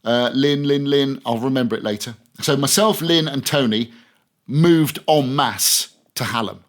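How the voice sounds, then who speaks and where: A man's voice: medium pitch, measured pace. A man, a veteran radio presenter, telling anecdotes in a casual podcast interview, chatty and full of restarts. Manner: chatty anecdotal, many restarts, laughs through stories.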